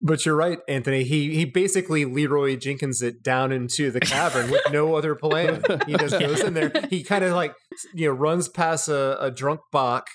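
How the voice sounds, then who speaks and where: A man's voice: fairly high pitch, moderate pace, a bit bright, slight background noise. A man co-hosting a podcast, talking in a laid-back, amused way with lots of casual fillers. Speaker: podcast co-host. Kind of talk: casual chat reviewing a TV serial.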